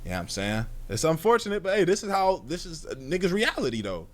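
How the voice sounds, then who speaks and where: Animated man talking slang over faint ambience. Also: on the high side, fast, slight background noise. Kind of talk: casual chat.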